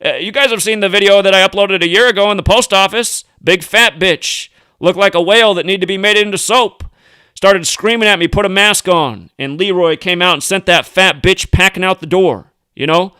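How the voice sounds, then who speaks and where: A man's voice: high voice, brisk, bright, forceful tone, clear, resonant tone, no echo. A man from the United States hosting a video commentary, ranting in a heated, combative and profane way. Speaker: host.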